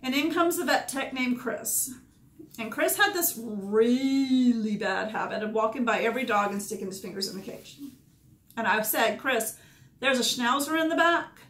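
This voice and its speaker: A woman's voice: a little high, moderate pace, a bit bright. A woman, a dog groomer candidly recounting past events in short, emotional bursts. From Georgia, USA. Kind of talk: personal storytelling. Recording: echoey room.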